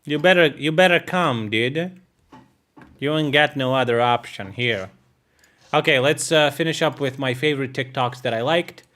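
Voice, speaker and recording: A man's voice: medium pitch, normal speed, a bit bright. A man from Ukraine streaming live, chatting casually with viewers, cracking jokes, swearing and laughing at himself. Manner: joking, swearing, laughing at his own jokes. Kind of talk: casual live-stream chat reacting to clips.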